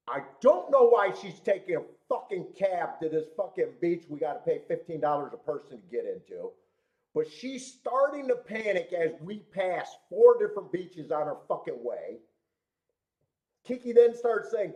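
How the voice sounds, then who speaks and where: A man's voice: on the high side, animated, normal speed. Rambling, profane man on a racing stream. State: congested from a cold. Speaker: horse racing show host. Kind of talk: casual live-stream chat.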